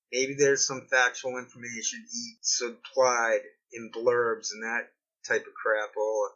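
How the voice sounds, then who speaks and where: A man's voice: mid-range voice, pushed and bright, lo-fi sound. A man from Boston with a Boston accent, giving rambling, conspiratorial solo commentary, often correcting himself mid-thought. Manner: conspiratorial, digressive, second-guesses himself mid-sentence. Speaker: video commentator.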